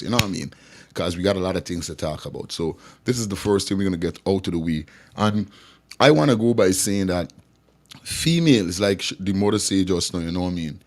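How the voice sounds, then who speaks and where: Man, call-in host, lowish voice, loose conversational commentary. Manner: loose, conversational, repeating "you know what I mean". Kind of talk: casual commentary to viewers.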